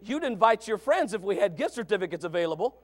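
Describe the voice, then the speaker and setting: A man preaches from the pulpit in a strikingly high voice. He talks in a homespun way, repeating himself. He drops to near murmurs, then rises to fervent shouts. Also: sing-song, fast talker. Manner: impassioned preaching, swings from quiet to shouting; folksy, repeats phrases. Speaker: pastor. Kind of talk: sermon.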